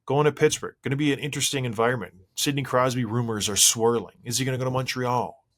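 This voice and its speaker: A man in his forties hosting a casual solo podcast, talking in a rambling, conversational way with restarts. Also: fairly bright tone. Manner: rambling and conversational, with frequent restarts and swings of pitch. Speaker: podcast host.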